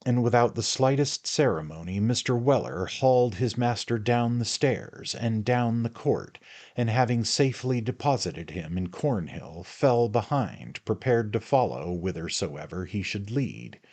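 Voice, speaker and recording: A man narrating a classic novel as an audiobook, with measured storytelling. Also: on the low side, lively intonation, darkish tone.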